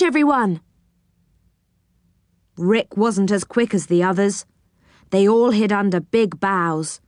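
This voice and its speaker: A woman reading a children's storybook aloud at an unhurried pace. Her voice is lively and rises and falls a great deal, and it sounds close and dry, with no room sound. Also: on the high side, no room sound. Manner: slow, expressive, clear. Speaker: narrator.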